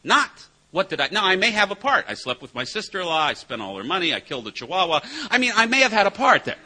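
A middle-aged man sharing his recovery story with a group, his high voice leaping all over the place as he lands dry, self-mocking jokes. The tone stays bright and edgy, like a seasoned sponsor who has told these stories many times. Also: very animated, fast talker. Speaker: recovery meeting speaker and sponsor. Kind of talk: personal recovery talk to a group.

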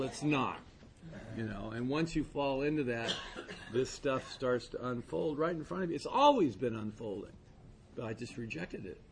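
A man's voice: medium pitch, gravelly. Man, candid testimony, conversational and rambling, mid-range voice, faint background noise. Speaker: recovery meeting speaker. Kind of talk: personal testimony talk.

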